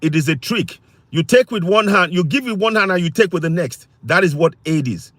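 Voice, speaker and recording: A man's voice: high-pitched, lively intonation, brisk, fairly bright tone, no room sound. A man hosting a livestream, who argues insistently and repeats his points while he answers chat comments. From Africa. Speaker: livestream host. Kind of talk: impassioned political livestream talk.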